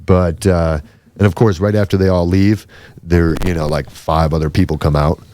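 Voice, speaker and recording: A man's voice: deep voice, steady tone, normal speed, dark tone, no room sound. A man telling a rambling story on a podcast, swearing freely and acting out what others said. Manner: swearing, rambling, acts out quoted voices. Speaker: podcast host. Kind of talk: casual storytelling chat.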